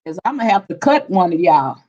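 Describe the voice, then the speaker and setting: A woman's voice: fairly low pitch, sing-song, a little fast, mellow, dull audio. A woman hosting a casual livestream, laughing often as she greets viewers by name and reads their comments. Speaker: livestream host.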